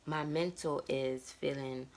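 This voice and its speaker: A woman's voice: a bass voice, steady tone, takes it slowly, a little mellow. A woman in her thirties talking candidly and emotionally about her life in a personal vlog monologue. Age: 30s. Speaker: vlogger.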